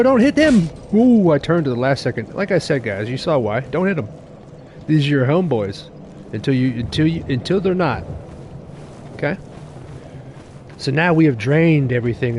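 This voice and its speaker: A young man streams a game live, excitable and laughing, swearing casually and chatting with viewers while nursing a sore tooth. His voice is medium in pitch, with a little hiss or hum in the audio.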